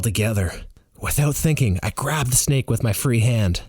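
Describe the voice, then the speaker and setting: A man narrating a novel in the first person with an animated, expressive reading. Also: medium pitch, moderate pace, breathy edge, no room sound, studio quality. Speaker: audiobook reader.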